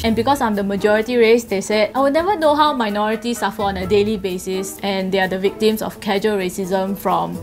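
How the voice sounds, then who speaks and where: A young woman from Singapore, giving a blunt, sarcastic opinion monologue as a vlogger. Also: medium pitch.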